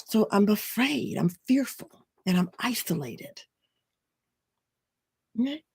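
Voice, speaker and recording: A fearful, scheming baby's ego, as a coach puts it on, talks through its worries in a halting, husky inner monologue. The voice stays close to the speaker's own, muttering and restarting as it plots to look confident. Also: medium pitch, very animated, darkish tone, pitched above the performer's own voice, exaggerated voice. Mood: anxious. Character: fearful self-centered ego of a baby.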